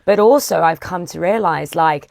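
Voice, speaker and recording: A chatty woman hosting a podcast, talking loosely and casually. Her voice sits fairly low for a woman. The recording is dry and close, with no room sound. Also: normal speed, creaky, darkish tone, no room sound. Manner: chatty, swears casually, acts out quoted dialogue. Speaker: podcast host. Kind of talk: casual conversational interview.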